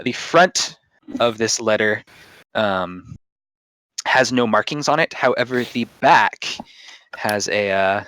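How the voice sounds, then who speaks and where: Man, game master, low voice, loose joking narration, dry close mic. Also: a bit bright, dry recording, poor audio. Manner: loose, joking, rambling with fillers.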